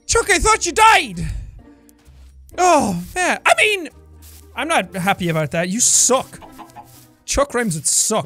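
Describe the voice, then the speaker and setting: Excitable high-voiced man yelling at a game. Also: slow, long pauses, soft background music. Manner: excitable, swings from yelling to low mutters. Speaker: gameplay commentator. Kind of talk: let's play commentary.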